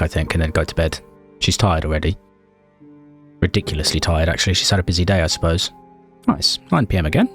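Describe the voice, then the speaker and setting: Deep-voiced man narrating a game drily. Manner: dry, mock-tragic storytelling. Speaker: let's play host.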